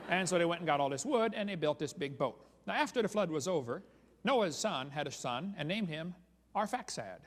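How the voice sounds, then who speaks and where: A man's voice: fairly high pitch, animated, brisk, long reverb tail. A man giving a humorous seminar talk as a creationist speaker, sarcastic and chuckling at his own jokes.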